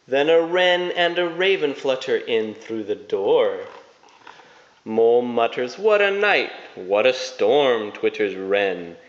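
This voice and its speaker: A father reading a bedtime storybook aloud to his children in a gentle, sing-song way, adding sound effects. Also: medium pitch. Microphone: phone. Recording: echoey room, dull phone recording.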